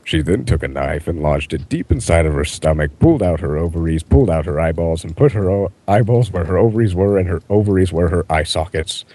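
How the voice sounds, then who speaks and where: A man reading absurd fan fiction aloud in a mostly deadpan way, often cracking up. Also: low-pitched, brisk, hardly any pauses. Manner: deadpan delivery breaking into laughter. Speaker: reader.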